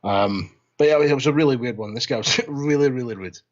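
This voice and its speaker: A man's voice: medium pitch, fast talker, dull audio. A man co-hosting a gaming podcast in casual chat, rambling, laughing and restarting his words. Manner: rambling, laughing, repeats words when starting. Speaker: podcast host.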